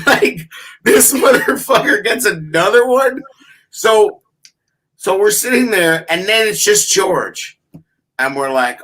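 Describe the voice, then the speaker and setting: A man with a very bright, forceful voice, pitched a little high, swears freely through a casual sports chat. He tells his stories with animated energy and bursts into shouting. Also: measured pace. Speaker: podcast co-host.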